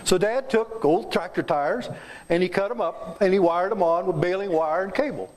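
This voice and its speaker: This guest speaker, a man in his seventies from south central Kansas, has a high-sitting, darkish voice and talks at normal speed. In a club meeting room, he gives a folksy, joking talk and quizzes the audience.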